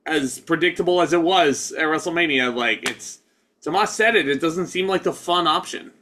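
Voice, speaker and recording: A man's voice: a little high, moderate pace, bright, forceful tone, slight background noise. A man co-hosting a casual wrestling review podcast, easygoing and hedging with casual swearing. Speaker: podcast co-host.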